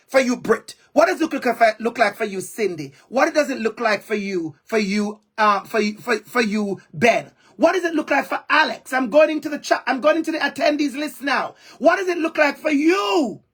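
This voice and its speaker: A man's voice: extremely high pitch, husky. A man with a Jamaican accent gives an impassioned keynote speech over a video call, using emphatic repetition. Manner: emphatic, repeats phrases for emphasis. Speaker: keynote speaker.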